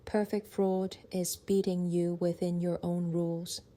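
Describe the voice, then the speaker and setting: A man voicing a calm, menacing, manipulative woman in an audiobook, in a soft, breathy half-whisper with a slow, taunting manner. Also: fairly high pitch, pitched above the performer's own voice. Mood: coolly menacing. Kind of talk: audiobook character voice.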